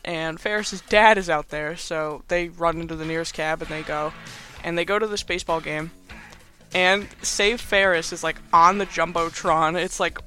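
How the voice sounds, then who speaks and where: A man's voice: high-pitched, pushed and bright, a little hiss or hum. A young man hosting a podcast, casually recapping a movie in a rambling, filler-heavy, playfully sarcastic way. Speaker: podcast host.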